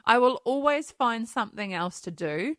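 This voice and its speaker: A woman's voice: fairly high pitch, animated, moderate pace, a bit bright, dry recording. Woman, solo podcast host; open-hearted, giggly, swears freely, dry close sound. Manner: candid and emotional, laughs often, swears casually. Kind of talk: casual solo podcast chat. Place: New Zealand home.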